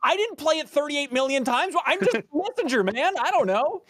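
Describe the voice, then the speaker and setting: Lively high-pitched joking man. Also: brisk, no room sound, clean studio sound. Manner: defensive, joking, insistent. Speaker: podcast co-host, soon-to-be father. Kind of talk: casual podcast chat.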